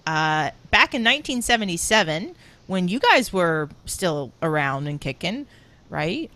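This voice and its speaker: A woman's voice: lowish voice, very animated, measured pace, pushed and bright. A woman co-hosting a casual live chat show, playful and teasing. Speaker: co-host.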